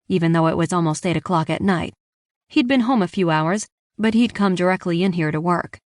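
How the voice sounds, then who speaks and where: A woman reading a first-person audiobook in an even, engaged storytelling voice. Her pitch sits on the low side, and the recording is close and dry. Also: dry recording. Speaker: audiobook narrator.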